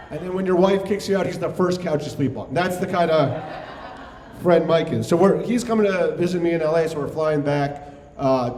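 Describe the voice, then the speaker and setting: On stage in an echoey hall, a young New Yorker tells a wry, conversational story and swears freely as part of live comedic storytelling. His voice is on the high side with a warm tone.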